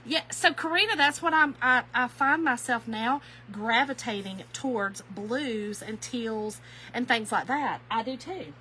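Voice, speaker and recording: A higher-pitched woman with a Kentucky accent speaks a little slowly as she hosts a craft live stream. She reads viewer comments, welcomes people by name, laughs easily, and often says "y'all" in her warm, folksy chatter. The recording is low quality, with slight background noise.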